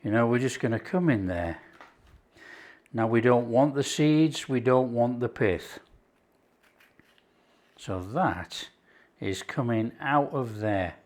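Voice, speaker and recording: A man's voice: mid-range voice, lively intonation, slow, long pauses, darkish tone. A man with a Yorkshire accent hosting his own cooking channel, chatting enthusiastically and explaining each step as he cooks. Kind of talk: casual cooking demonstration.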